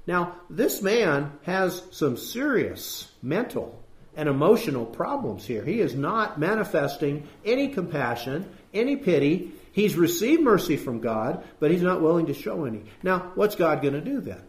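A man's voice: a little high, very animated, unhurried. A male preacher delivering a sermon with scripture reading, emphatic, asking rhetorical questions and repeating phrases. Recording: echoey room.

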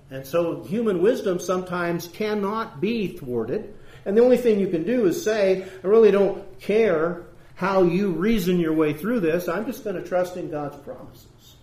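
Man, high voice, earnest Bible-class teacher, talks it through with questions, roomy echo. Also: darkish tone. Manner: earnest, conversational, reasoning aloud with rhetorical questions. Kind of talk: church Bible class lecture.

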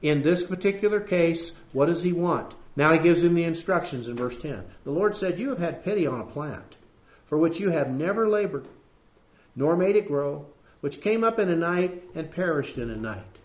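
A man's voice: fairly high pitch, animated, moderate pace. Echoey emphatic male preacher. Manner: emphatic, asks rhetorical questions, repeats phrases. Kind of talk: sermon with scripture reading. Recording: echoey room.

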